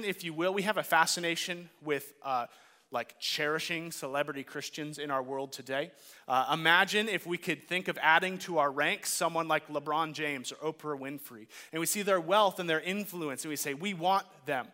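Bright-voiced man preaching in a reverberant hall. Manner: earnest preaching, rising to emphatic peaks, dropping soft and low for scripture readings. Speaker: pastor. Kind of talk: sermon.

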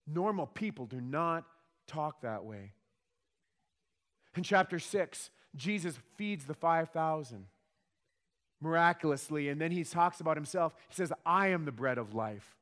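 A man's voice: on the high side, expressive, normal speed, a bit bright. A man preaching a sermon with emphatic delivery and rhetorical questions. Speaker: pastor. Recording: long hall reverb.

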